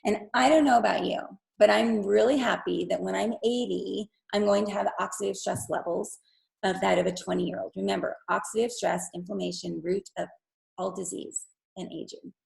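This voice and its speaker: Gravelly, enthusiastic woman presenting on a call. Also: medium pitch, fairly even intonation, fairly quick, low-quality recording. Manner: enthusiastic, persuasive, addresses viewers as "you guys". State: losing her voice. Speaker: wellness presenter. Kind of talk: product presentation on a video call. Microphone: video call.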